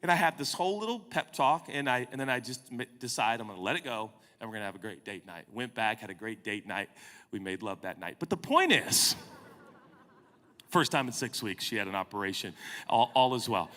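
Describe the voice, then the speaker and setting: Animated preacher man in a reverberant hall. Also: mid-range voice, brisk. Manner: animated, comic, self-mocking storytelling. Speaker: pastor. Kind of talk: storytelling sermon.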